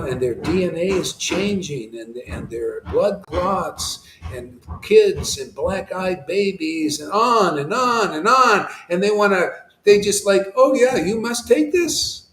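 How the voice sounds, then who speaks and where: A man's voice: on the high side, reverberant, a little hiss or hum, rough recording. A man giving an informal devotional satsang talk, rambling and impassioned, with frequent restarts and asides. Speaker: devotional speaker.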